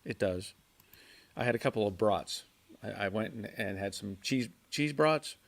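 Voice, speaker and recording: Reading viewer comments on a casual garage livestream at home, a man replies haltingly, repeats words, and chuckles often. He has a lowish, creaky voice.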